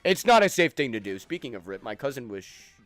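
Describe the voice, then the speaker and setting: A young man talks through a game stream in loose, swearing banter. His voice sits at an ordinary middle pitch, and the sound is dry and close. Faint music plays underneath. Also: very animated, quick pace, a bit bright, no echo. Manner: loose, profane banter, laughs often. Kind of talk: casual gaming stream chat.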